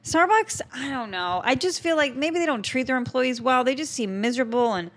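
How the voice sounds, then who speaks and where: A woman's voice: high voice, lively intonation, brisk. A woman hosting a podcast, chatting casually with blunt, opinionated remarks and easy laughter. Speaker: podcast host. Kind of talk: casual chat.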